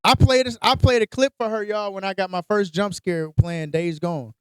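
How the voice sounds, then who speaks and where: A man co-hosting a casual podcast, telling stories in an animated way and acting out his own reactions. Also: sits high, normal speed, clear, resonant tone, no room sound. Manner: animated storytelling, heavy cursing, acts out reactions. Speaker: podcast co-host. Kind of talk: casual chat.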